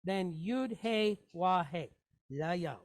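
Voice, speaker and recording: Slow, patient woman teaching Hebrew reading. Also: medium pitch, animated. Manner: patient, slow, repeats each syllable aloud. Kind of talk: reading lesson, sounding out words.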